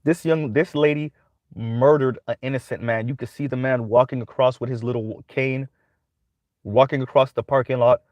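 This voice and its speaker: A man's voice: mid-range voice, fairly even intonation, moderate pace, darkish tone, no echo, lo-fi sound. Guy hosting his own commentary channel, chatty monologue, always going "right?", dry close sound. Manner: conversational, repeats "right?" often.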